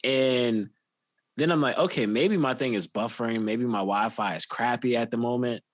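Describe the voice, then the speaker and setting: A man's voice: mid-range voice, moderate pace, dry recording. A man co-hosting a podcast, telling a long casual story full of "like" and restarts. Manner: rambling, filler-heavy with "like" and restarts. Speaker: podcast co-host.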